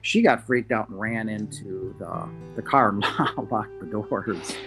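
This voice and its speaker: A man, a podcast guest, earnestly recounting a personal encounter, halting with restarts and quoting himself as he goes. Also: fairly low pitch, fairly bright tone, soft background music. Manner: earnest, halting, many restarts and quoted asides. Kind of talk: first-person storytelling.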